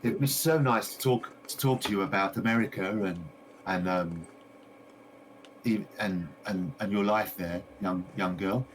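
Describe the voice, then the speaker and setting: A nosy, gushing village shopkeeper woman, as a man puts her on in a tabletop game. She chatters and repeats her words in a high, fluttering voice. A faint ambient hum sits behind. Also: measured pace, natural voice, poor audio. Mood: prying.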